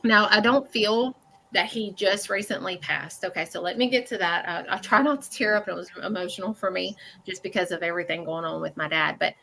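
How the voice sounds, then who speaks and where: A psychic medium with a lowish, creaky voice and a sharp tone gives a caller a live reading, with a little hiss or hum in the background. She's halting and earnest, uses many fillers, keeps asking "okay?", and speaks bluntly.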